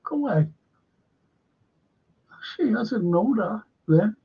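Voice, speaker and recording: A Liverpool man chats his way through a history livestream, drifting from topic to topic and swearing now and then. His voice is husky and sits high. The stream audio is dull and lo-fi. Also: expressive, slow. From Liverpool, England. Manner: rambling, chatty, swears freely. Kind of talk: casual livestream chat reading viewer comments.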